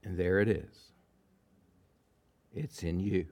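A man preaching a sermon, acting out quotes with big swings from loud bursts to hushed lines. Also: low-pitched, steady tone, slow pace. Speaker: pastor.

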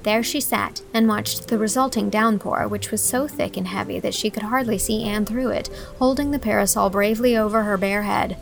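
A woman narrating a classic storybook with a gentle, even reading manner. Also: medium pitch, moderate pace, creaky, hardly any pauses, faint music behind. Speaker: audiobook reader.

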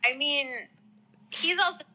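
A woman's voice: sits high, a little slow, pushed and bright, poor audio. A young woman from the New York area in casual chat, rambling with many filler words.

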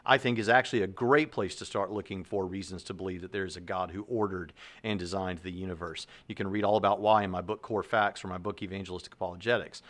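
A man's voice: low voice, steady tone, quick pace, hardly any pauses, fairly bright tone. A man hosting a video, explaining casually and thinking aloud with many fillers and restarts. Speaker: Christian apologist video host. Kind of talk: casual talk to camera.

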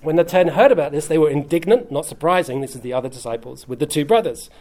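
A man's voice: a little high, fast, a little mellow, slight background noise. A man, a pastor preaching a sermon in a conversational, humorous way, often checking in with "okay?". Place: church hall.

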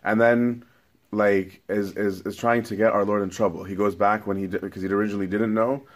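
A man's voice: lowish voice, fairly even intonation, fairly quick. A man teaching scripture in a casual, conversational sermon, often tagging his points with "right?". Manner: casual, keeps checking in with "right?". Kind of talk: conversational Bible-study sermon.

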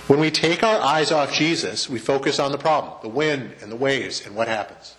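A man's voice: mid-range voice, expressive, normal speed, hardly any pauses, a bit bright. Man preaching, chatty and joking. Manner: conversational preacher, asks the congregation questions and jokes. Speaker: pastor. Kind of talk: sermon to a live congregation. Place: church sanctuary.

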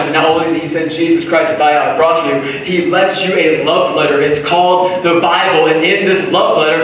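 A man preaching with a bright, forceful voice that swings between shouts and hushed asides. He is heard from a distance in a very echoey hall, with faint room noise behind him. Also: fairly high pitch, fairly even intonation, fairly quick, hardly any pauses. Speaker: pastor. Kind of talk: sermon.

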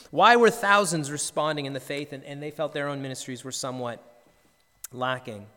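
A man's voice: on the high side, normal speed, sharp tone. A man, a pastor preaching a sermon, telling a story earnestly and often repeating words as he goes. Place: church sanctuary. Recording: long church reverb.

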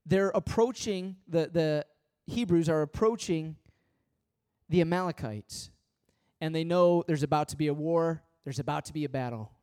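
This middle-aged pastor's voice is on the high side, darkish and smooth, at a moderate pace. Speaking straight to his congregation, he delivers an emphatic, conversational sermon packed with repetition and anecdotes.

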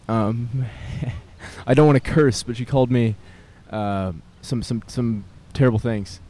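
Alone in a city park, a young man records a rambling solo vlog in a mid-range, slightly mellow voice. He sounds hesitant and self-conscious, laughing nervously and leaning on lots of fillers.

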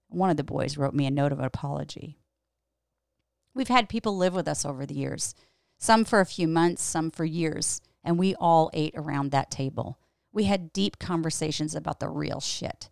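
A middle-aged woman tells a personal story in a low, gravelly voice, reflective and candid. Her words come out earnest and unhurried, like a host talking straight to her listeners. The sound is close and dry. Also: darkish tone, no echo. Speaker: podcast host and Bible teacher.

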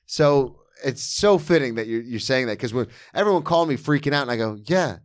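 A man's voice: medium pitch, animated, fairly quick, dry recording, studio quality. A man hosting a casual podcast, blunt and sarcastic, swearing often. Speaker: podcast host.

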